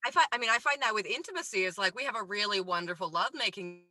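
A woman's voice: medium pitch, animated, fast talker, sharp tone. A woman hosting a podcast, musing aloud in a reflective, casual way with lots of fillers. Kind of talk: casual interview chat.

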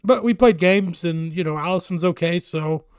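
Man, high-pitched, dry close mic, casual swearing storyteller. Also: normal speed, clean tone, no echo. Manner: profane, animated storytelling.

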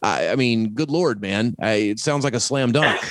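A man hosts a relaxed interview podcast in a folksy, upbeat way. His voice sits in an ordinary middle pitch, and he jokes and hypes things up as he talks. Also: moderate pace, no echo. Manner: folksy, enthusiastic, joking. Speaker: podcast host. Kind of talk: casual interview chat.

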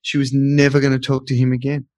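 A man's voice: medium pitch, monotone, quick pace, a little mellow, dry recording. A man hosting a podcast, chatting casually and telling stories in a reflective way. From Australia. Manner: reflective, storytelling. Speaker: podcast host.

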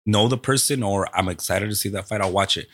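Man, lowish voice, gym owner and coach, casual podcast chat, animated storyteller, curses freely. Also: quick pace. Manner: animated storytelling, acts out quoted exchanges, swears freely.

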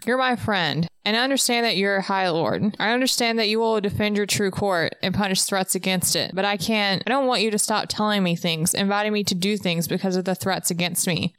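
A woman reading chapters of a novel aloud on a podcast, steady in her reading and teasing in her banter. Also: mid-range voice, smooth, dry recording.

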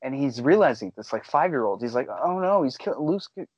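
Animated man telling stories, dry dull sound. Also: mid-range voice, brisk, slightly rough, dry recording. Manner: animated storyteller, acts out quotes. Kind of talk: casual chat.

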